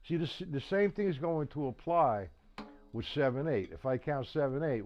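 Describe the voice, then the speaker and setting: A man gives a drum lesson in a plain, unpolished way, repeating himself and restarting sentences as he explains. He counts beats out loud while he plays. Faint music sounds in the background. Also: medium pitch, animated, normal speed. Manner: counts beats aloud over his playing. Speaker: drum teacher. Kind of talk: live online drum lesson. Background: drum kit playing.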